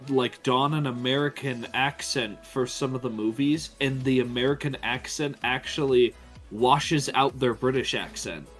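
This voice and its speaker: A man in a casual podcast-style chat, calmly explaining bits of trivia with some hesitation. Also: mid-range voice, a little slow, soft background music. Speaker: podcast guest.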